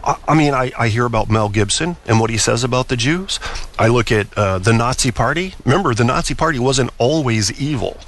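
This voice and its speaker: A man hosting his own talk show, opinionated and rambling as he thinks aloud. He often stumbles and restarts his sentences, and his voice sits at an ordinary middle pitch. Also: expressive, brisk, a bit bright. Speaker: podcast host. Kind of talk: solo talk-show monologue.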